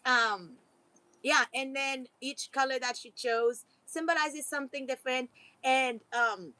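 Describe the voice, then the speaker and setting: A woman with a high voice chats loosely about energy and her projects. She rambles and stops midway to talk to her pets. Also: sharp tone. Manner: rambling, talks to her dogs mid-sentence. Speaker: vlogger. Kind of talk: casual spiritual chat.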